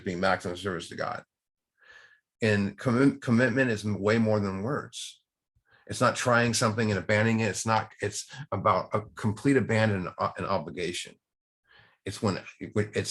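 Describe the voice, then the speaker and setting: A man's voice: on the low side, a bit bright. A man speaking to a recovery study group in a casual, rambling way with many restarts. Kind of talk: casual talk.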